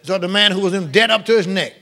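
A man's voice: high-pitched, quick pace, bright, forceful tone. A man preaching a revival sermon, emphatic and calling out to the congregation. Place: church revival service.

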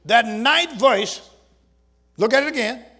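High-pitched, bright-voiced preacher man. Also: expressive, slow, husky. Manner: preaching with call-and-response, shouting at peaks. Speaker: pastor. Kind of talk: sermon. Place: church sanctuary with congregation.

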